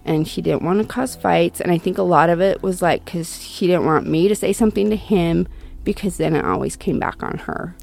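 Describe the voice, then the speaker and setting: A middle-aged woman recounting a family tragedy in an interview, halting and restarting, lifting her voice when she quotes others. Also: lowish voice, darkish tone. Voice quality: gravelly. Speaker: interview guest, bereaved mother. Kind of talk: personal account in conversation.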